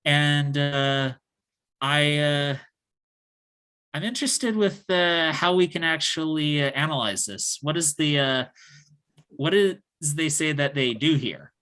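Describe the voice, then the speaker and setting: A co-host chatting casually about stocks, halting and full of fillers. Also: mid-range voice, lively intonation, fairly bright tone, clear, resonant tone. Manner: slow, halting, many fillers. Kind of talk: casual chat.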